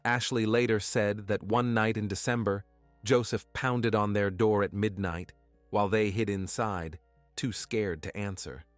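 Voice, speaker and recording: A man giving scripted true-crime narration in a measured, even way. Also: fairly low pitch, no room sound, faint music behind.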